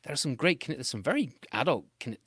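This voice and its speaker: A man's voice: fast talker, noisy background. Playful British male storyteller. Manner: playful, animated, with big swings in pitch and loudness. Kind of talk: improvised children's storytelling.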